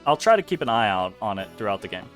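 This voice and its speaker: A let's play host chatting casually over a game, rambling and swearing freely. The voice swings widely in pitch. Faint game music plays underneath. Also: sing-song, fast, fairly bright tone.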